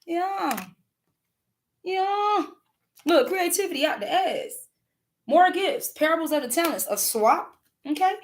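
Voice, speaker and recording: A woman with a Southern US accent, talking in a casual spiritual vlog, animated and profane, often laughing and repeating words. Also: very high-pitched, takes it slowly, pauses often. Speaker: spiritual content creator.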